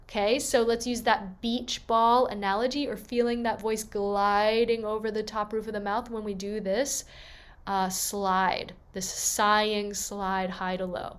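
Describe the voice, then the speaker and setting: A woman voice teacher leading a gentle, encouraging vocal warm-up lesson and demonstrating the sounds herself. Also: medium pitch, flat delivery, measured pace, clean tone.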